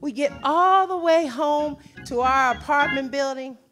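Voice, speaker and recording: Woman testifying from the pulpit, chanting and shouting, very high pitch, organ music underneath. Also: measured pace. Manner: sing-song preaching cadence, breaking into shouts. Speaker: church speaker giving testimony. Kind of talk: sermon testimony. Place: church sanctuary.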